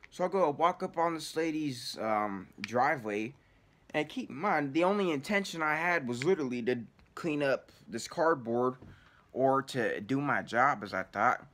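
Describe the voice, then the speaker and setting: A man's voice: on the high side, measured pace, a bit bright. A man telling a story casually, in rambling, profanity-heavy slang. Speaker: vlogger.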